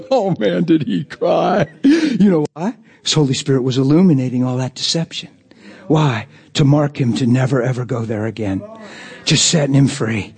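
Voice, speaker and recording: A middle-aged man preaching a sermon through an animated story, acting out the voices of the people in it and laughing often. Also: mid-range voice, normal speed, slightly rough.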